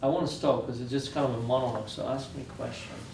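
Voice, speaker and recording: A man's voice: medium pitch, steady tone, fast, vocal fry, darkish tone, echoey room, a little hiss or hum. A man from Israel giving a lecture, telling stories earnestly and repeating phrases for weight, recorded from far off in a university lecture room. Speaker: guest lecturer. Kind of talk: storytelling lecture.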